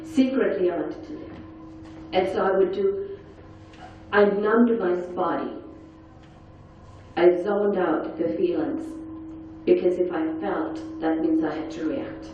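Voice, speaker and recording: A woman speaker at a conference panel, telling her own story in an earnest, quiet and intense way. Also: on the low side, takes it slowly, pauses often, a little hiss or hum. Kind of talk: personal testimony talk. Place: large conference hall. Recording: echoey, dull hall sound from far off.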